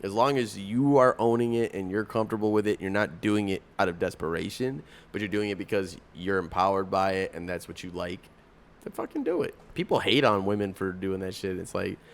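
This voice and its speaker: Low-voiced man rambling frankly. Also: a little fast. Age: 30s. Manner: frank and rambling, heavy on "like" and restarts. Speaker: podcast host. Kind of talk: casual podcast chat. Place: coffee house.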